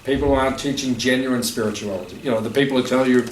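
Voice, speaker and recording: A man's voice: mid-range voice, fairly even intonation, rapid-fire, distant mic. A man giving an informal spiritual talk to a live audience, conversational and joking, with many fillers. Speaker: spiritual teacher. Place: gathering room at a festival. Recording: echoey room, voice from afar, faint noise.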